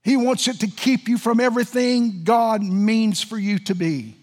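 A male pastor preaches in a church, his high voice leaping from soft, slow pleading up to shouts. His drawn-out delivery rings with the long reverb of a large hall. Faint music plays underneath. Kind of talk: sermon.

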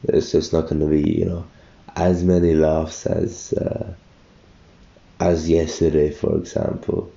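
Tired young man with a low, gravelly voice. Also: flat delivery, a little slow, mellow, muffled recording. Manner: rambling, self-correcting, thinking aloud. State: just woken up, tired. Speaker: solo podcaster. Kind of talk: casual solo morning podcast.

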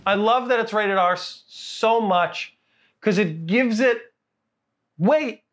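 High-voiced animated man reviewing movies. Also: slow, slight background noise. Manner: animated, laughing, repeats words while searching. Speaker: podcast co-host. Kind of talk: casual movie review chat.

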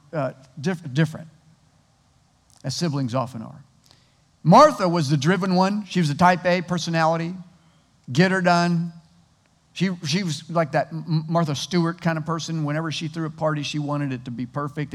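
Conversational preacher in a reverberant hall. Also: male voice, a little high. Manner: conversational, animated storytelling with many restarts. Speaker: pastor. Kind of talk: sermon.

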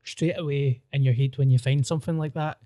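A young man with a Scottish accent telling crude, animated anecdotes in casual podcast chat. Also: medium pitch, fairly quick, dry recording, clean studio sound. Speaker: comedian podcast guest.

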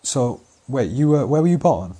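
A young man from northwest England with a Lancashire accent, chatting casually and relaxed, trailing off into fillers. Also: mid-range voice, normal speed, breathy edge. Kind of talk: casual chat.

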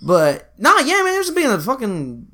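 Male podcast co-host, animated and profane, wide pitch swings. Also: normal speed. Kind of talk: casual podcast chat.

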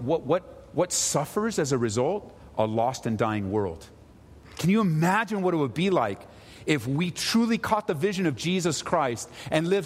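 A man with a fairly high voice preaches to his church, shifting between quiet, low asides and raised, urgent exhortation. His voice rings with the long reverb of a large sanctuary. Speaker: pastor. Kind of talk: sermon.

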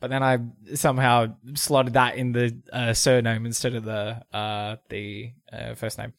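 A man's voice: mid-range voice, flat delivery, a little slow, gravelly, dry recording, studio quality. A man co-hosting a podcast, chatting casually, joking and swearing a lot. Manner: jokey, swears a lot, laughs often. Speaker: podcast co-host and editor. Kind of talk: casual chat.

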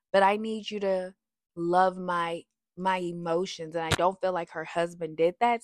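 A woman with a fairly low voice chats to her viewers, whom she calls y'all, in a sassy, opinionated recap of a reality TV series. She's animated and occasionally sings lines. The sound is clean studio audio without echo.

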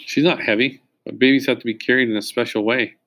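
A man's voice: medium pitch, steady tone, fast, a bit bright. A man voicing an anxious, exasperated young mother with a raised, urgent voice. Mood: patient.

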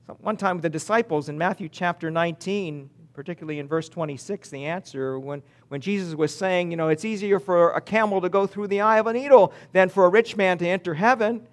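Male pastor, fairly high voice, sermon delivery, reads verses slowly, punches key words then drops to a near hush. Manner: emphatic, with sudden swings between loud and hushed delivery; reads scripture slowly and deliberately.

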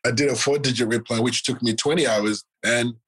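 A man's voice: mid-range voice, fairly even intonation, a little fast, fairly bright tone, slightly rough, rough recording. A man, a surgeon, telling stories from his career in a casual, rambling way, full of fillers and small chuckles. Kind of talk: casual anecdotal storytelling.

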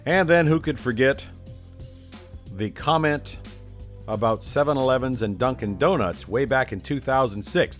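Man, scornful political commentator, lively pitch, sarcastic delivery. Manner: scornful, mocking.

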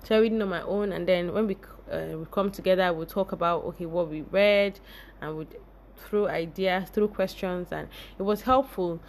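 A young woman hosting a podcast, telling a personal story in a lively, expressive way and laughing often. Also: lowish voice, moderate pace. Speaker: podcast host.

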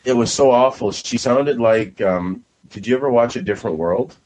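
A man's voice: medium pitch, normal speed, darkish tone, poor audio. A man co-hosting a casual movie review podcast, blunt and profane, sounding exasperated. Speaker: podcast co-host.

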